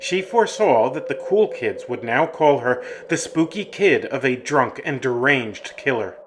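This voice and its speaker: A man tells a scary story in a steady, ominous narrating voice at a middling pitch. His reading is measured and deliberate, with a faint hiss in the background. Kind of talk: scripted horror story narration.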